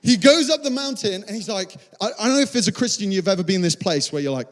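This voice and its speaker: Animated male preacher in a reverberant hall. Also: high voice, fast. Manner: animated storytelling, acts out quotes. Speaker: pastor. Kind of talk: sermon. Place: large church hall. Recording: long church hall reverb.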